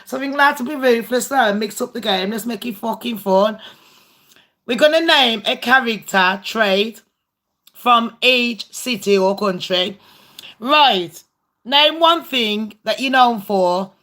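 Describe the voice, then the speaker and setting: A woman's voice: on the high side, measured pace, fairly bright tone. A woman hosting a casual livestream game with her viewers, blunt and foul-mouthed. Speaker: livestream host.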